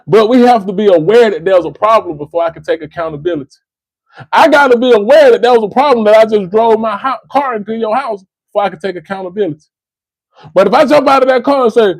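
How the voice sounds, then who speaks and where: High-voiced emphatic man on a livestream. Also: quick pace, no room sound, rough recording. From United States. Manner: emphatic, repeats phrases, addresses a listener by name. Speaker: livestream host. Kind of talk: impassioned livestream commentary.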